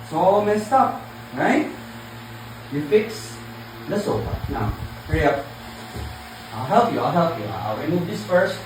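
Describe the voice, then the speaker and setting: A mother, patiently coaxing and firmly calming her child at home in a casual vlog. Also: sits low, unhurried, long pauses. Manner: patient, coaxing, firm but gentle. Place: living room at home. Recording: echoey room, far from mic, background noise.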